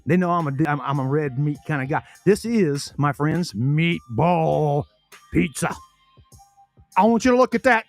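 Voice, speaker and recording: A man with a notably high voice hosts a podcast, rattling off sponsor plugs in a folksy, self-correcting patter. He chews food while he talks. Faint music plays under his voice. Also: animated, unhurried. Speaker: podcast host reading sponsor spots. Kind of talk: casual sponsor talk on a podcast.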